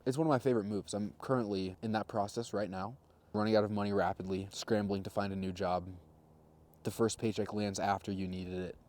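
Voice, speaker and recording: Young man in his twenties, low-pitched, casual vlogger, wry deadpan storyteller. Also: a little fast. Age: 20s. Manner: wry, self-mocking storyteller with deadpan jokes. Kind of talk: casual rambling monologue.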